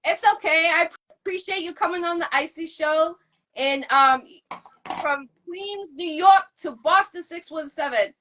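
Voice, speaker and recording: A woman hosting an interview show with a heavy accent, eager and upbeat, quick with shout-outs. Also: extremely high pitch, rough recording. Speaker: interview host.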